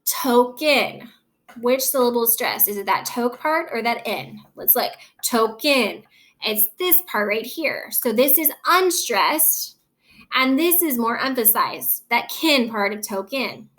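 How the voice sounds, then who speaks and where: A woman teaching a recorded lesson, patiently guiding students and stretching words slowly to show which syllables are stressed. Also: on the high side, lively intonation, a bit bright.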